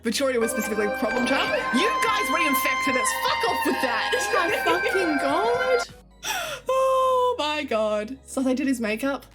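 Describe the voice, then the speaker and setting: A woman's voice: sits high, very animated, normal speed, hardly any pauses, loud music behind the voice. An Australian woman streaming, chatting casually and giggling while she reads and answers her live chat. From Queensland, Australia.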